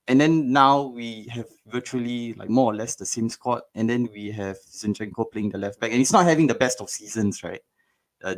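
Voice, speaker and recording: A man calling into a phone-in, giving an analytical breakdown with many hesitations and fillers. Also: medium pitch. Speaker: caller.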